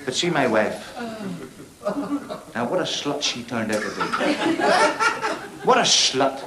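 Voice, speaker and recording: This actor, medium-pitched and expressive, takes his time as he plays a brash, vulgar male comedian with a Belfast accent, cheekily working a club audience with bawdy material in a TV drama. The recording has a lot of echo and heavy background noise.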